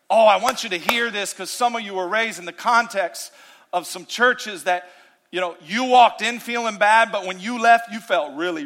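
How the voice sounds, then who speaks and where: A man preaching a sermon as pastor, animated, swinging between loud, emphatic lines and hushed, intimate ones. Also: high-pitched, normal speed.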